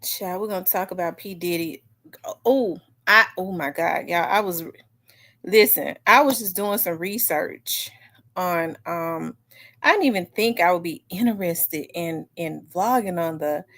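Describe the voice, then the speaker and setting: Woman, casual livestream chat, unhurried pace, a little winded, greets viewers by name. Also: on the low side, a bit bright. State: out of breath. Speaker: livestream host.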